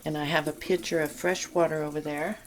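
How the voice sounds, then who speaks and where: A woman's voice: sits low, little pitch movement, fairly quick, noisy background. A woman chatting casually in her home kitchen as she shows a canning task, rambling into asides as she works.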